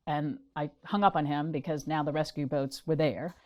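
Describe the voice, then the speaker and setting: Low-voiced woman telling a vivid story. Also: a little fast, hardly any pauses. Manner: animated storyteller acting out quotes. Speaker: guest. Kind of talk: interview storytelling.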